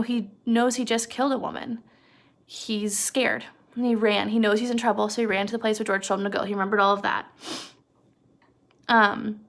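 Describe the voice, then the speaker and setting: A woman's voice: fairly high pitch, creaky, a bit bright. A woman teacher giving a casual recorded video lesson, talking students through a chapter and checking in with them often. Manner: casual, conversational, checks in with "okay?".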